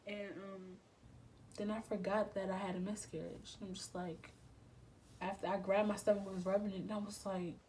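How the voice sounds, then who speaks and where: A young woman talks straight to her audience in a storytime vlog. Her voice sits at an ordinary middle pitch, and her subdued, emotional delivery stays candid and full of slang and swearing. A faint hiss runs underneath. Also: level tone, normal speed, a little mellow, poor audio. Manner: candid, slangy and profane, with repetitive phrasing. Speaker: vlogger.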